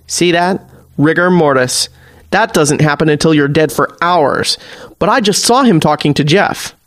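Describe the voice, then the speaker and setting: A man's voice: fairly high pitch, a little slow, fairly bright tone, no room sound, clean studio sound. A man voicing a blunt, easily riled male bartender who works as an EMT by day. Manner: blunt and exasperated.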